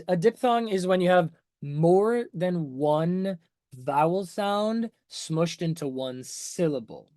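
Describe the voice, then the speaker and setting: A man's voice: fairly high pitch, a little mellow, no room sound, studio quality. Chatty man breaking down a song. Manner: chatty and enthusiastic, full of "like" and "right?"; explains music terms to viewers. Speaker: music analysis streamer. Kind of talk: casual livestream song breakdown.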